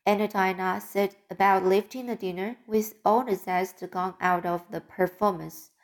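A woman's voice: medium pitch, steady tone, unhurried. A woman reading a classic novel aloud as an audiobook. She often stops and restarts words. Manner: careful, with frequent restarts of words. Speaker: audiobook reader. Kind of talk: audiobook narration.

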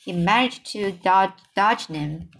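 Slow-reading woman narrator. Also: mid-range voice, vocal fry, fairly bright tone. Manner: unhurried, with restarts and repeated words. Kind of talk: reading a children's book aloud.

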